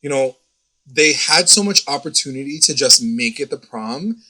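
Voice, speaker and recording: Bright, chatty podcast co-host, man. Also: medium pitch, expressive, moderate pace, poor audio. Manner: rambling, swears freely, acts out quotes. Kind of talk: casual recap chat.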